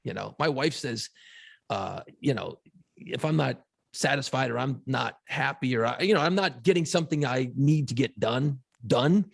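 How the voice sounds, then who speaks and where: A man's voice: mid-range voice, animated, moderate pace, vocal fry. A man co-hosting a podcast, telling stories in a profane, fired-up casual chat. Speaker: podcast co-host.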